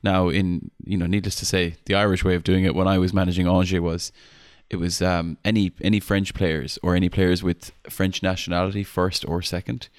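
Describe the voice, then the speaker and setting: A man's voice: sits low, little pitch movement, a little fast, hardly any pauses, dry recording, clean studio sound. A man co-hosting a casual podcast chat, explaining things in an easygoing, hesitant way. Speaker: podcast co-host.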